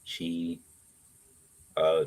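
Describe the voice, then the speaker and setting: Young male guest, slightly low voice, halting and rambling. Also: monotone, darkish tone. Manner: rambling, halting with restarts and fillers. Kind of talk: casual chat, giving advice.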